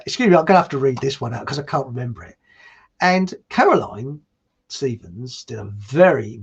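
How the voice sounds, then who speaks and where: The man's mid-range voice is creaky with a breathy edge, captured with lo-fi sound. Running his own online show, he rambles casually as on a live stream, reads out comments from viewers, and laughs at his own jokes.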